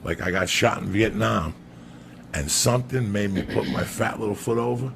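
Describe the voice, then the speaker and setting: Gravelly, low-pitched man, profane animated storyteller, noisy podcast audio. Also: moderate pace. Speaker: podcast guest. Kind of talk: storytelling anecdote.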